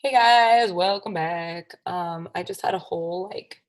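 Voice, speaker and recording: A woman's voice: on the low side, unhurried, rough recording. A young woman hosting her own podcast, talking angrily and emphatically with a lot of swearing. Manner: angry, profane, emphatic. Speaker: podcast host. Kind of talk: solo podcast rant.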